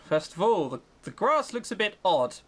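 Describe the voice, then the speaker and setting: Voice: medium pitch, big pitch swings, moderate pace, a bit bright. A young streamer reading a visual novel aloud and mocking it in a chatty, sarcastic way, close to the mic at home. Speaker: let's-play host. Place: home room on webcam. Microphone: close desk mic.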